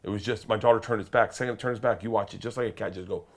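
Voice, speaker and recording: A man, an interview guest, telling a story in a loud, excitable way, swearing and breaking into shouted quotes. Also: on the low side, very fast. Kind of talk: animated storytelling.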